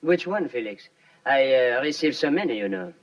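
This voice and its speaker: A man's voice: mid-range voice, expressive, moderate pace, natural voice. An actor playing a man who poses as a rich businessman, stalling with playful, evasive answers in 1950s film acting. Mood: smooth. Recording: distant old film soundtrack with music.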